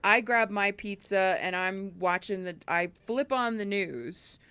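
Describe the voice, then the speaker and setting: Female podcast co-host, mid-pitched, lively storyteller who acts out dialogue, dry close recording. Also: unhurried, clean tone, no room sound. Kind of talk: casual chat.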